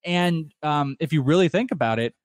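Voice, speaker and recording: A man's voice: a little high, expressive, normal speed, dry recording, studio quality. A man co-hosting a sports radio show in casual, upbeat chat.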